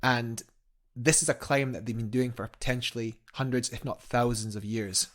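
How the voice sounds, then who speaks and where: A man's voice: medium pitch, fairly even intonation, normal speed, fairly bright tone. A young man, a guest climber, telling a story eagerly in a casual interview, rambling with fillers and restarts.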